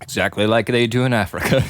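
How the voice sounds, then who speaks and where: A man's voice: on the low side, fairly even intonation, fast talker, no echo, studio quality. A man co-hosting an improvised comedy chat, playfully staying in character as a backward commoner. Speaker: podcast co-host.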